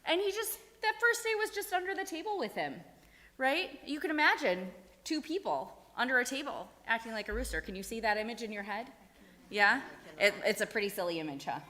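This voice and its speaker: A woman telling a story to a group of children, animated and asking them questions along the way, in a synagogue sanctuary. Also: a little high, brisk. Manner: animated, asks the kids questions. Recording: echoey hall.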